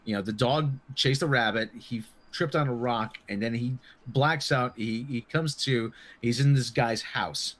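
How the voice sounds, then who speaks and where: A man's voice: mid-range voice, measured pace, hardly any pauses, a bit bright. A man co-hosting a casual live-stream chat, rambling through a story with frequent restarts. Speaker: co-host.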